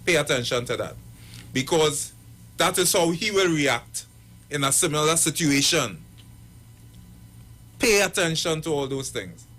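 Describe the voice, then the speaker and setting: A man speaking as a pastor on a radio talk show, his voice bright and a little high. He tells stories with energy and slips into the voices of the people in them. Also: unhurried, pauses often. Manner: animated storyteller acting out quoted voices. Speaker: pastor and marriage counselor. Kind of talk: radio talk, storytelling advice.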